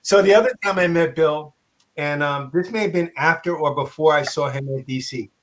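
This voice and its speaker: A man telling an animated, profane story on a convention panel, acting out quotes and laughing. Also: fairly high pitch, moderate pace. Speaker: comic artist panelist.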